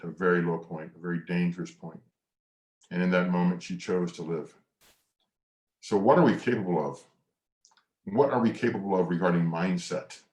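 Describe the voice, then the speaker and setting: A middle-aged man with a low-sitting voice, recorded in a reverberant space, presents a motivational masterclass on mindset. He speaks earnestly, slowly, and reflectively, dropping to a near whisper on mantras, and leads hand exercises with lively coaching cues.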